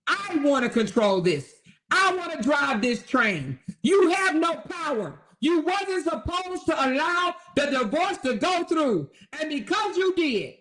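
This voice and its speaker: A bitter, self-pitying ex-husband, as a woman host mocks him rants in a high voice, swearing and jeering. The delivery is mocking satire, all grievance and spite. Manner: ranting, profane, mocking. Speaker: commentary host. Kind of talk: satirical commentary role-play.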